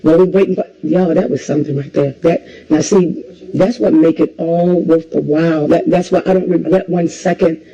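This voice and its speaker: A woman's voice: lowish voice, fairly even intonation, normal speed, dark tone, breathy edge, rough recording. A woman preacher hosting callers, talking in an emphatic, repetitive preaching cadence. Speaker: preacher hosting a call-in livestream. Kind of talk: call-in talk with preaching.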